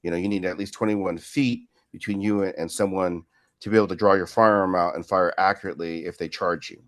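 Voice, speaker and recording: Man in his fifties, low-pitched storytelling. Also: fairly even intonation, fairly quick. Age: 50s. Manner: rambling, with frequent "right?" tag questions. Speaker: martial arts instructor as interview guest. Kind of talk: casual storytelling in an interview.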